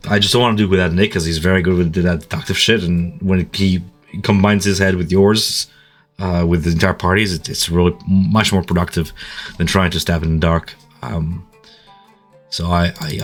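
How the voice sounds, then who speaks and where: Man, game master, low voice, casual after-game chat, rambling, laughs a lot, swears freely. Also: steady tone, brisk, soft background music. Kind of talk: casual post-session chat.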